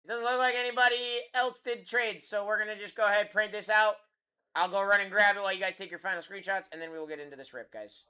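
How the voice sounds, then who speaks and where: Bright, smooth-voiced card break streamer. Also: medium pitch, fast talker. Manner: relaxed, chatty, addresses viewers directly. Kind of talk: casual live stream chat.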